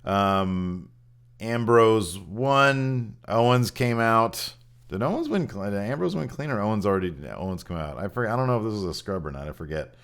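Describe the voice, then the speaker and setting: A man's voice: on the low side, expressive, normal speed, fairly bright tone, clean tone. A man hosting a wrestling podcast, giving a blunt, opinionated recap in casual chat and swearing freely.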